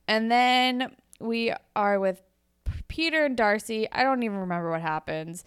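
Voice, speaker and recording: A woman's voice: moderate pace, clear, resonant tone. A woman co-hosting a podcast, recapping an episode in casual chat and acting out the characters' lines. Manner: animated, acts out characters' lines in higher voices. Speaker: podcast co-host.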